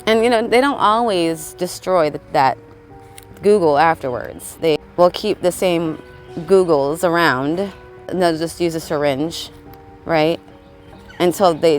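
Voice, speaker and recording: A woman with a fairly low voice talks casually outdoors, scattered and profane, drifting from point to point. Soft music plays faintly beneath her. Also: unhurried. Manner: scattered, swearing, laughs often, talks to birds around her. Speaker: spiritual vlogger. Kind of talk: rambling casual monologue. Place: outdoors among birds.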